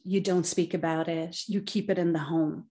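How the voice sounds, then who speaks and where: A woman's voice: fairly low pitch, steady tone, moderate pace, warm tone. A woman, a psychotherapist guest on a podcast, telling her personal story in an earnest, reflective way with many "you know"s. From Ireland.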